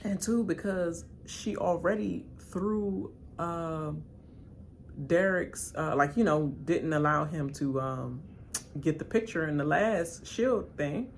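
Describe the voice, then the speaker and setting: A woman giving live reaction commentary to a reality show, slangy and animated, talking straight back at the people on screen. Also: takes it slowly, a little hiss or hum. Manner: animated, pitch jumps high when emphatic. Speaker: reaction channel host.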